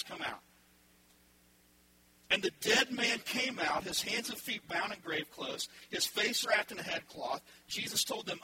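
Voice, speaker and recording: A male pastor preaching an animated sermon, acting out the people in the story. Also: sits high, a little fast, slight background noise, low-quality recording. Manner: animated, acts out voices in the story.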